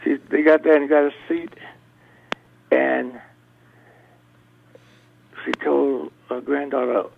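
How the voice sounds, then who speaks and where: A man's voice: medium pitch, fairly even intonation, slow, creaky, pauses often, slight background noise. Older man telling stories over a tinny phone line. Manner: rambling storyteller, restarts often. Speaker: blues musician guest. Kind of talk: radio interview conversation.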